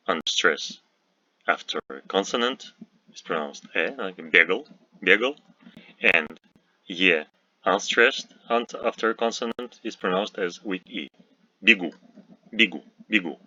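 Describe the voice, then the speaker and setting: A man gives a recorded language lesson, speaking slowly and repeating each example word with patience. His low voice is bright and clear in tone. The sound is dry and close, but dull and lo-fi. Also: no room sound. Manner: slow, patient, repeats words for learners. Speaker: language teacher.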